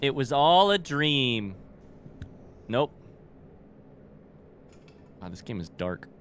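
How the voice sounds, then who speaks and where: A man streaming a horror game with casual commentary, animated and wry, swearing and joking as he plays. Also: medium pitch, takes it slowly, slight background noise. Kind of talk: casual let's-play commentary.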